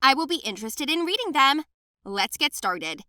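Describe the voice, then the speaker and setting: Woman narrator talking to viewers, high lively voice, bright, dry. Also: moderate pace, dry recording. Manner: chatty, addressing viewers directly. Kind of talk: first-person animated story narration.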